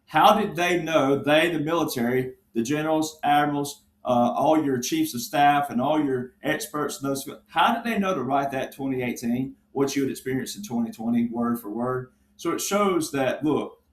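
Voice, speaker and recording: A man's voice: medium pitch, moderate pace, few pauses. A middle-aged man, a veteran guest on a panel, giving rambling political commentary with digressive, emphatic asides. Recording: roomy echo.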